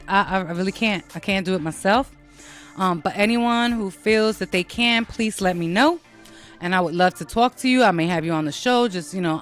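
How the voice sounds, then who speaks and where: A woman's voice: medium pitch, a bit bright. An American woman hosting her own show, talking casually to listeners in a blunt, profane and self-mocking way. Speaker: podcast host.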